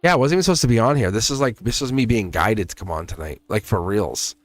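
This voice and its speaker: A man's voice: lowish voice, fast, no echo, faint music behind. A man doing a live-stream tarot reading, talking casually to viewers and laughing often. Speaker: tarot reader.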